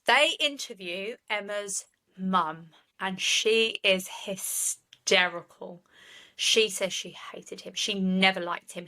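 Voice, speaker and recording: A woman's voice: mid-range voice, bright, forceful tone, low-quality recording. A woman, co-hosting a podcast and retelling a case in earnest, opinionated chat. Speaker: true crime podcast co-host.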